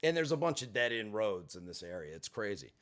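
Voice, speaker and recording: A man casually telling a story on a livestream, animated and profane, acting out the voices of the people he quotes. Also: on the low side, fairly quick. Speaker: livestream host.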